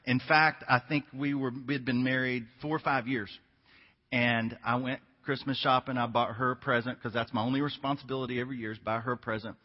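A man's voice: medium pitch, brisk. A man preaching as a guest speaker, telling a funny story to the congregation before his sermon. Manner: animated storytelling, jokes with the congregation. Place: church sanctuary. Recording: dull sound in a reverberant church hall.

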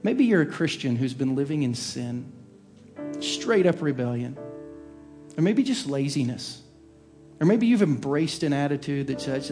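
Delivering a sermon that includes a personal story, this pastor sounds animated yet earnest and heartfelt, speaking at a moderate pace in a voice a bit higher than typical for a man. He frequently lowers to a quiet, gentle tone, and a soft instrumental backing stays faintly in the background.

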